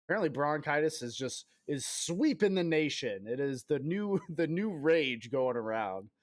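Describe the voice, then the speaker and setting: A man's voice: fairly high pitch, expressive, normal speed, no echo. Man in his thirties, game streamer, rambling casual chat, self-mocking and profane, still a bit coughy, dry close sound. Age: 30s. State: recovering from illness, still coughing.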